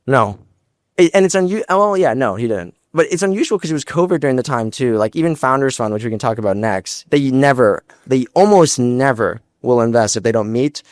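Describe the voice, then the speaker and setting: Young guy founder talking fast on stage, dry close sound, lots of acted-out quotes. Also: medium pitch, expressive, dry recording. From United States. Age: young adult. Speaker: startup founder, guest speaker. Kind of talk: storytelling on stage. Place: stage before a large live audience.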